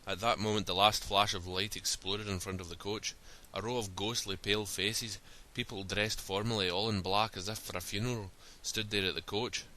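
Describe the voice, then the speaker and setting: A man narrating a story in a steady, plain reading style. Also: fairly low pitch, moderate pace, hardly any pauses.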